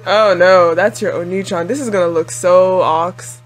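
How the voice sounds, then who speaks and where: A woman's voice: on the low side, normal speed, hardly any pauses, faint music behind. A woman chatting through a casual anime reaction video, talking expressively with lots of "like" and frequent laughs. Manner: chatty and expressive, heavy use of "like"; laughs often, exclaims at the screen.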